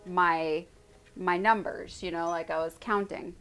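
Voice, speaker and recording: Chatty woman co-host, rambling storyteller, soft music underneath. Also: on the low side, fairly even intonation, unhurried. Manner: rambling storyteller, many fillers. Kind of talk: casual livestream chat.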